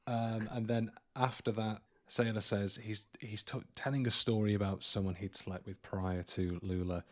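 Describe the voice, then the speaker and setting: A man's voice: on the low side, steady tone, normal speed. A man appearing as a guest on a film podcast, speaking in casual chat with a dry, understated delivery.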